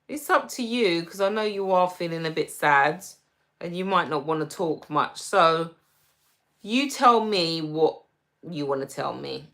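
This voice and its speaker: A woman with a London accent chats on her livestream, reading out viewers' comments and answering each one. She talks slowly and calmly, in a gentle, reassuring way, and her voice sits a little low. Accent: London English. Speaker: livestream host.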